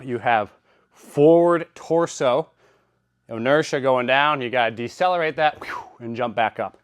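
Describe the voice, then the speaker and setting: A man's voice: mid-range voice, a little slow, clean tone, dry recording, clean studio sound. A man in a gym, out of breath between sets, puffing as he casually explains how he uses a training machine. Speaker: fitness vlogger. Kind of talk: casual workout demonstration.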